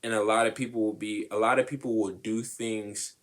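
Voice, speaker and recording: A young man co-hosting a podcast, talking casually about relationships in an animated, slangy way, acting out the voices of people he quotes. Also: fairly low pitch, a little fast. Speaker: podcast co-host.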